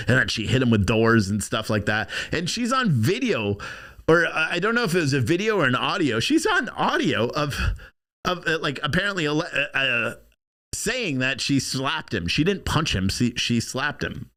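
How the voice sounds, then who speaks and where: Male podcast host, rambling and profane, pitch swinging widely. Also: normal speed. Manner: rambling, swearing, animated with laughs. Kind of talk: casual live-stream commentary.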